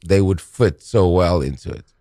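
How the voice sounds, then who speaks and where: A man with a South African accent talks as a guest in a relaxed podcast. His voice sits low, and he rambles with plenty of laughs and repeated words. The sound is dry and close. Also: normal speed, dry recording. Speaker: comedian guest. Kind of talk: casual podcast chat.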